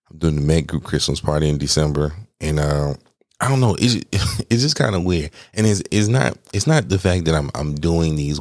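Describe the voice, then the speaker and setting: A man hosting his own podcast in a casual, candid, rambling way, laughing between phrases, swearing freely and poking fun at himself, with a deep voice that people praise as made for radio. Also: a little mellow, no echo, clean studio sound. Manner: candid, rambling, self-deprecating. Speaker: podcast host. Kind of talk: casual solo podcast chat.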